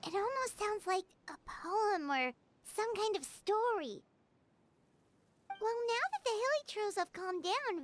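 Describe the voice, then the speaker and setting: Chirpy tiny fairy companion. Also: female voice, very high-pitched, slight background noise, full character voice. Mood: curious. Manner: bright, lively, chattering. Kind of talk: video game voice acting.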